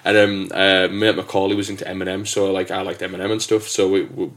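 A man hosting a podcast, telling his own story in a casual, halting way with many restarts. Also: deep voice, level tone, a bit bright. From England. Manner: hesitant, many restarts and fillers. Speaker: podcast host.

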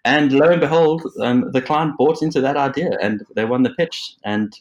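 A man's voice: mid-range voice, moderate pace, muffled recording. A man guest, an art director, telling stories in a casual interview, laughing often and swearing freely. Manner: laughing, swearing, animated storyteller. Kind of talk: casual podcast interview chat.

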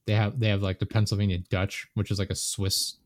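Low-voiced, easygoing man. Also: flat delivery, brisk, dry recording, studio quality. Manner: easygoing, hesitant, restarts often. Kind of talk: casual chat.

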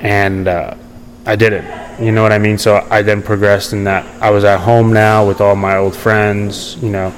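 A man's voice: lowish voice, flat delivery, moderate pace, low-quality recording. A young man telling his story in a casual interview, rambling with many fillers and restarts. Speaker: podcast guest.

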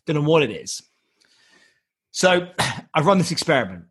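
A man's voice: on the high side, big pitch swings, normal speed, a bit bright, husky. A man, telling a rambling story as a podcast guest, laughing and swearing often. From United Kingdom. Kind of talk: casual storytelling.

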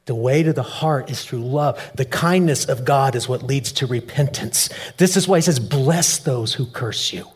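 A man preaching a sermon, shifting between soft low asides and loud, emphatic peaks. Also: moderate pace, few pauses, breathy edge. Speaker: pastor.

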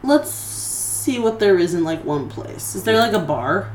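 A woman's voice: medium pitch, very animated, a little slow, darkish tone, reverberant, poor audio. A woman playing a tabletop game, playful and giggly as she plans her character's moves. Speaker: player. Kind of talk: casual tabletop play.

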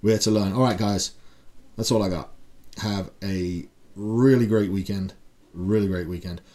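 A man's voice: lowish voice, steady tone, normal speed, darkish tone. A middle-aged man hosting a podcast, giving a blunt, profane pep talk full of rhetorical questions. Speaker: podcast host. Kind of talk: casual motivational monologue.

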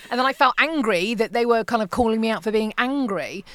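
A woman in her forties, telling her story as a podcast guest in a candid, animated, self-mocking way, with the odd swear word. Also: on the high side, fast talker, hardly any pauses, dry recording, studio quality. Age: 40s.

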